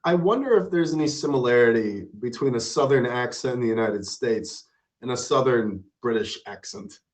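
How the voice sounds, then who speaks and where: A man with a medium-pitched voice speaks at normal speed as the host of a live stream. He chats casually and playfully with his guest and viewers, animated and giving shout-outs to supporters.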